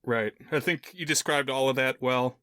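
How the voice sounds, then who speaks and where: A man's voice: mid-range voice, moderate pace, pushed and bright, smooth, no echo, clean studio sound. A man co-hosting a film podcast, talking casually and conversationally with frequent fillers. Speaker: podcast co-host.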